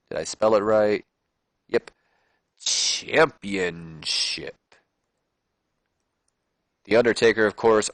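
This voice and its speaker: A man's voice: fairly low pitch, dry recording. Casual rambling man narrating gameplay. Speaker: game channel host. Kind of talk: let's play commentary of a wrestling sim.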